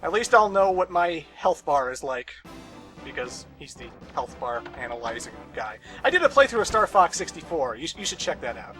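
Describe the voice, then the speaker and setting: Young male let's player, high and bright, ranty and sarcastic. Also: sing-song, moderate pace, soft background music. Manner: sarcastic, ranting asides, swears. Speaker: let's play host. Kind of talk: casual game commentary.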